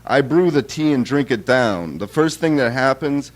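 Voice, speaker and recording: A man's voice: medium pitch, animated, normal speed. Man reading wry poems aloud. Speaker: poet reading his own work. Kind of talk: live poetry reading.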